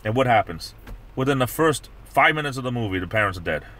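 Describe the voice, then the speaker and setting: With lively intonation and a quick pace, a middle-aged livestream host chats casually in a mid-range, somewhat bright voice, rambling and restarting often.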